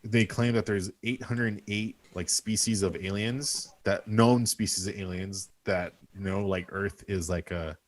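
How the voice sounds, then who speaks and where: A man's voice: lowish voice, fairly even intonation, unhurried, few pauses. A young man co-hosting a podcast, rambling through casual chat with fillers and swearing. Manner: rambling, filler-heavy, profane. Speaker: podcast co-host.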